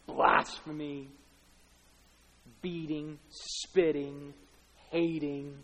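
A man preaching a sermon, swinging dramatically between hushed, quiet passages and loud, shouted peaks. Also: medium pitch, little pitch movement, slow. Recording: long hall reverb.

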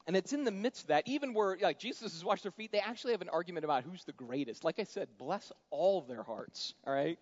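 Male pastor, slightly high, conversational preaching with big loud-soft swings, muffled lo-fi recording. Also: animated, fast talker, few pauses. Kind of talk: sermon. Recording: dull lo-fi sound.

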